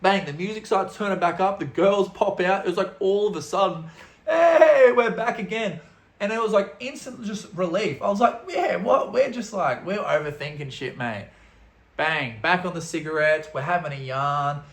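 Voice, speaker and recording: A young man telling an animated, slangy story full of swearing, as a vlogger. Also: high-pitched, normal speed, reverberant. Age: young adult. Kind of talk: storytelling vlog.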